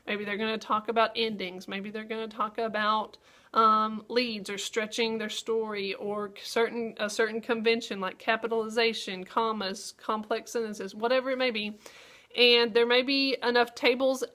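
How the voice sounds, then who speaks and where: A woman's voice: fairly high pitch, flat delivery, normal speed, a bit bright. A young adult woman teacher modeling a writing lesson, checking in with her listeners with frequent "okay?" and fillers. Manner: upbeat classroom talk with frequent "okay?" checks. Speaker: teacher trainer.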